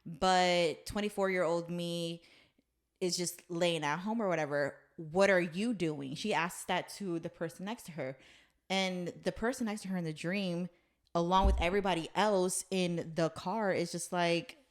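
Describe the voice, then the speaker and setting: A woman's voice: on the low side, steady tone, moderate pace. A woman hosting a casual chat, retelling a story in a loose, rambling way with some swearing. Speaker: podcast host.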